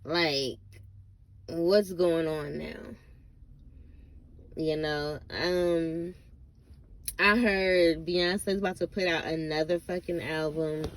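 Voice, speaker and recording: A woman's voice: sits low, steady tone, slow pace, long pauses. A woman vlogger ranting casually to camera, blunt and profane, rambling with lots of fillers and asides.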